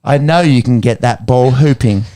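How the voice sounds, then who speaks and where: A man's voice: medium pitch, normal speed, mellow, close to an everyday voice. A man putting on a hammy, coaxing impression of an actress, talking to a cricketer. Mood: coaxing, teasing. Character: playful mock actress, woman, soothing.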